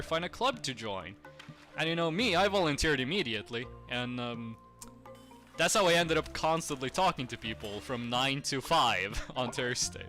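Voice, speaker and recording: A young man streamer telling a rambling, animated story to his chat, laughing often. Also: medium pitch. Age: young adult.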